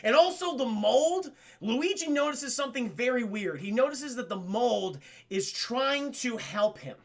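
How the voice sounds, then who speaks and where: A man casually recapping a film for his livestream chat, excitable and profane, often calling out to the chat. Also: very high voice, unhurried. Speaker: streamer film reviewer.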